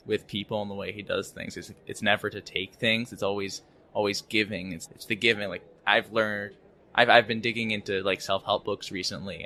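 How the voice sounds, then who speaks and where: A young man as a podcast guest, talking haltingly with many fillers and repeated words at a conference. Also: fairly low pitch, sharp tone, a little hiss or hum. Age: young adult. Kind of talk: casual interview chat. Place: conference venue.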